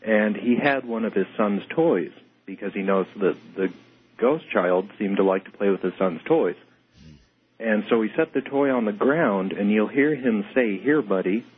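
Male radio call-in guest, low husky voice, tinny phone line. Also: moderate pace. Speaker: guest investigator. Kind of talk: radio interview answers.

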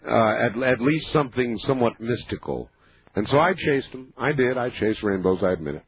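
A man's voice: mid-range voice, big pitch swings, brisk, breathy edge. A man hosting a call-in radio show, talking in a rambling, folksy, opinionated way. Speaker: radio talk show host. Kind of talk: late-night call-in radio talk. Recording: muffled AM radio broadcast.

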